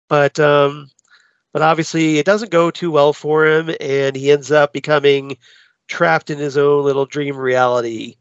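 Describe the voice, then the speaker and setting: A man's voice: fairly high pitch, no room sound. Wry man reviewing films, dull audio. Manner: wry, exasperated, acts out quoted lines. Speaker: podcast co-host. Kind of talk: casual film review chat.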